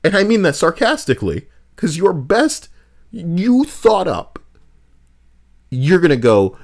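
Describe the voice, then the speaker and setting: A man's voice: sits high, slow pace, vocal fry. A man streaming, ranting in a profane, sarcastic way about gaming news, often slipping into mocking voices. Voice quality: animated, swings between mock voices and mutters. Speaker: streamer reacting to posts.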